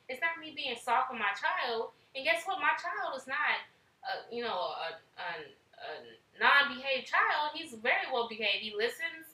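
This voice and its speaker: Woman chatting earnestly, bright ringing voice, kinda far from the mic in a roomy space. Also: on the high side. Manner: earnest, talks with her hands in quotes, acts out parent and child lines. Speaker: parent in a podcast conversation. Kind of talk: casual chat. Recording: echoey room, set back from the mic.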